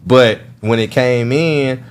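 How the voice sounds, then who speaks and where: A man from Houston in his thirties, a guest in an interview, telling his story in a relaxed, slangy way. He often says "bro" and acts out the people he quotes. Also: medium pitch, takes it slowly, a little hiss or hum. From Houston, Texas. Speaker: entrepreneur guest.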